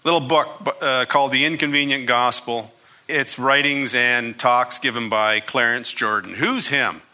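Forceful, emphatic man preaching. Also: medium pitch, a little slow. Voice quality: emphatic, repeats phrases for effect. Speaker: pastor. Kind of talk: sermon.

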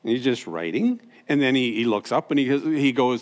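A man preaching a sermon, telling stories that swing from loud and high to hushed and low. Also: expressive, normal speed, hardly any pauses. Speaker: pastor. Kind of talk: sermon storytelling.

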